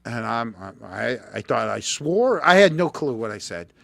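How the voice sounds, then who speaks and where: A middle-aged man hosting a casual chat, telling stories in an animated way and repeating words when he gets going. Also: mid-range voice, normal speed, gravelly, no room sound. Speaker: host.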